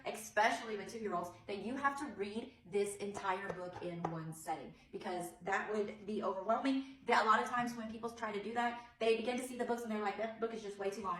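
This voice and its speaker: Animated teacher woman in echoey room. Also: medium pitch. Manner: animated, sing-song, exaggerated yawns. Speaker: early childhood teacher. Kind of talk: read-aloud demonstration with teaching tips.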